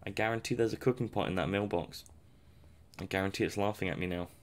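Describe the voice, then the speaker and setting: A man's voice: fairly low pitch, fast talker. A young man giving casual, rambling commentary over a survival game, self-mocking and chuckling often. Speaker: gameplay commentator.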